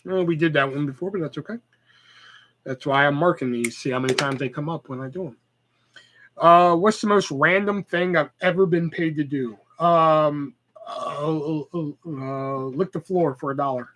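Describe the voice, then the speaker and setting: A man's voice: a little high, fairly even intonation, moderate pace, fairly bright tone, poor audio. A man in his thirties hosting a casual solo podcast, rambling and profane with lots of fillers and stutters. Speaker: podcast host.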